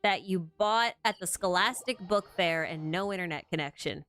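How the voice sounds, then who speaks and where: A woman's voice: on the low side, moderate pace, a bit bright, soft background music. A young adult woman hosting a casual chat, rambling and interrupting herself, often laughing mid-sentence. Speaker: host.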